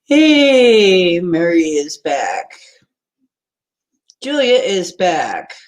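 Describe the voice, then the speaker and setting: A woman's voice: lowish voice, slow pace, a little mellow. A woman hosting a live stream in a casual, rambling way, greeting viewers by name and chatting before a craft lesson. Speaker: livestream host.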